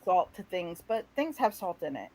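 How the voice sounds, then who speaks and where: A woman co-hosting a casual talk show, telling a story with lively acted-out quotes. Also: on the low side, moderate pace, poor audio. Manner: animated storyteller, acts out quotes. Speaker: co-host. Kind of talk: casual chat.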